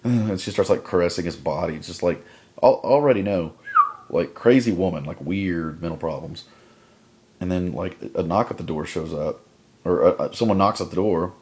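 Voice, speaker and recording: A man's voice: low voice, moderate pace, darkish tone, slight background noise. A young adult man casually vlogging a film review at home at night, rambling with constant fillers. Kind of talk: casual chat. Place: home at night before bed.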